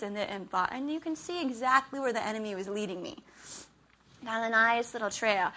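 Bright, animated woman preacher. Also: medium pitch, brisk, gravelly. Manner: conversational, animated when acting out her own frustration; often checks in with "okay?". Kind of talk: sermon.

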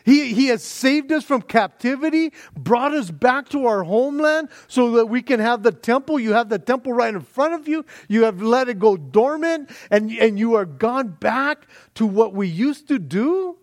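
A man's voice: very high voice, animated, moderate pace, hardly any pauses, no echo, clean studio sound, voice pushed up. A man acting out a young priest who scolds his people in anguished, indignant questions. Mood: anguished rebuke.

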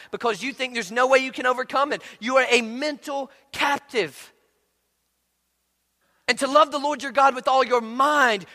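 A man preaching a sermon as pastor, animated and conversational, acting out quoted asides. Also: very high-pitched. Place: church sanctuary. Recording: long hall reverb.

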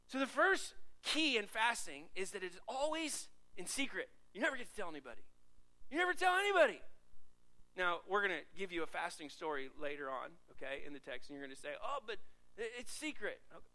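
Guy preaching a sermon, pretty high voice, chatty, keeps asking the crowd stuff. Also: quick pace, few pauses, poor audio. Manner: lively conversational preaching with audience questions. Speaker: pastor.

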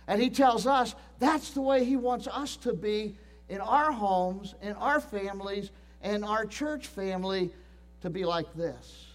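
Man, middle-aged, pastor, sermon, high-pitched, earnest, emphatic repeats. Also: unhurried. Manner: earnest, repetitive, with frequent restarts and emphatic repeats.

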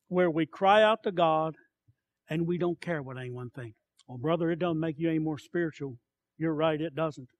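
A man preaching a sermon with passion, declaiming scripture and then dropping to soft, quiet asides. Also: on the high side, vocal fry, no room sound.

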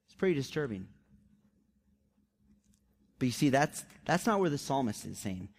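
A man preaching a sermon, animated and conversational, often throwing rhetorical questions to the congregation. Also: mid-range voice, moderate pace. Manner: emphatic storyteller. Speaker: pastor.

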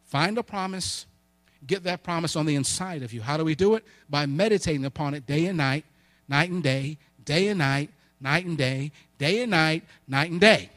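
A man preaching in an emphatic call-and-response style, pressing listeners with "come on" energy and asking questions he answers himself. His voice sits a little high for a man. The sound is dry and close, with no room echo. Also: normal speed, fairly bright tone. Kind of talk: sermon with storytelling.

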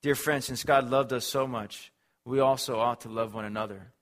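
A man's voice: mid-range voice, fairly even intonation, normal speed, fairly bright tone. Earnest man preaching a sermon. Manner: earnest, emphatic preaching with repetition. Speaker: pastor.

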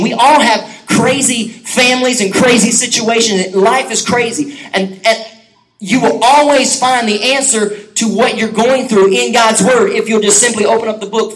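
A middle-aged pastor delivers an animated sermon in a high, lively voice. He mixes earnest exhortation with playful, joking asides to the congregation. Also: a little hiss or hum, low-quality recording. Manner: lively, animated preaching with quick asides and humor.

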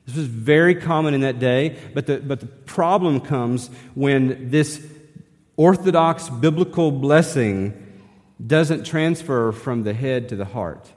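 A man's voice: mid-range voice, measured pace, a little mellow. A man, preaching a sermon as pastor in a conversational style, often asking the congregation rhetorical questions. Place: church sanctuary. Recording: long hall reverb in a church.

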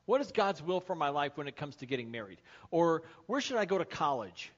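A man's voice: fairly high pitch, big pitch swings, fairly quick. A male pastor giving a sermon, opening with a told joke and acting out the lines of the characters. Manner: storytelling, acts out shouts in the joke. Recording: lo-fi sermon podcast audio.

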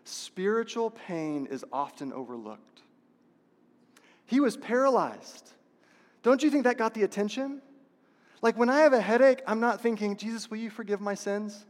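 Man, pastor, sermon, rhetorical questions, repeats key phrases, high-pitched, echoing hall. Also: animated, unhurried, long pauses. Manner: passionate, repetitive preaching with rhetorical questions. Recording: long reverb of a large hall.

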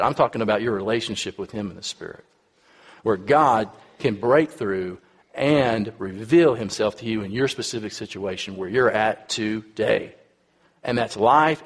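A man's voice: lowish voice, husky. A man in his fifties with a Texas accent, preaching a sermon in a conversational, storytelling way with frequent asides to the congregation. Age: 50s. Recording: long hall reverb.

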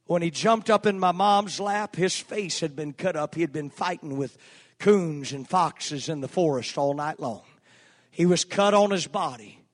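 A man preaching a sermon, telling a personal story in a folksy, earnest way with filler pauses. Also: on the high side. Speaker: pastor. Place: church sanctuary. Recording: long church hall reverb, faint music.

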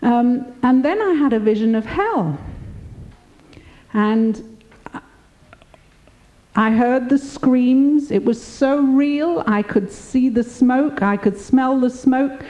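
Slow, mellow older woman telling her testimony. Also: sits high. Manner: earnest, reflective storytelling. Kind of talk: personal testimony.

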